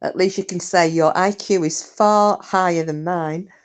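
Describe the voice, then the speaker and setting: Woman, casual live chat, laughs a lot, lower pitch. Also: steady tone, a little slow, smooth. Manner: chatty, laughs often, swears casually. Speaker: live stream host. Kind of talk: casual chat reading viewer comments. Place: home, windy day.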